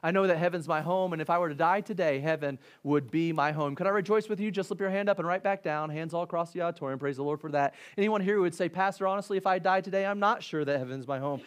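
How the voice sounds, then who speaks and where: Man preaching, surging to loud peaks. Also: a little high, quick pace, hardly any pauses, clean tone. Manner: builds to loud preaching peaks, then soft invitation. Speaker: pastor. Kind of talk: sermon with altar call. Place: church auditorium.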